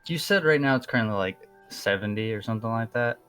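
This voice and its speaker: A man's voice: mid-range voice, fast, a bit bright, soft background music. A man in a tabletop game describing his character in a rambling, easygoing way. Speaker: player. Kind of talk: casual chat.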